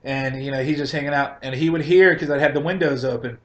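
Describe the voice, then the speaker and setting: A man's voice: medium pitch, fairly even intonation, quick pace, lo-fi sound. A man telling a long casual comic rant about his life, loose and profane, laughing between lines. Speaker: comedian telling a story.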